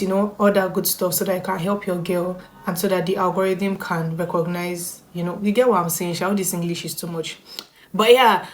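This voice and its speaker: A woman's voice: lowish voice, slight background noise. Bubbly woman vlogging. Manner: bubbly, chatty, laughs often, reads aloud. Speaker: YouTuber. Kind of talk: reaction storytime vlog.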